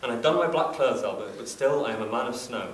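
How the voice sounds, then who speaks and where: A man's voice: medium pitch, expressive, fast talker, reverberant, distant mic, a little hiss or hum, lightly acted, rough recording. A man reading as a mournful old father. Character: old grieving widowed father, melancholy.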